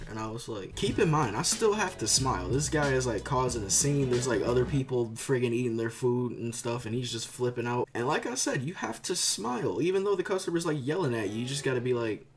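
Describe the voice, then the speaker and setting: A man's voice: mid-range voice, animated, fairly quick, few pauses, very noisy. A young man telling a casual storytime tale, rambling with lots of fillers. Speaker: vlogger. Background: background music.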